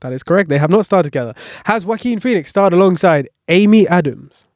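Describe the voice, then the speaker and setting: Man, podcast host, casual quiz chat, fillers, slightly high voice, dry recording. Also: lively intonation, a little fast, a little mellow, no echo. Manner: quizzing a co-host, reading clues with many fillers. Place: home, on a couch.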